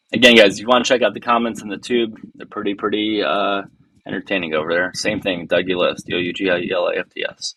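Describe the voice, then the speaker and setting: A man's voice: low voice, a bit bright, slight background noise, rough recording. A man hosting a casual political livestream, sarcastic and mocking as he talks to his chat. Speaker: livestream host.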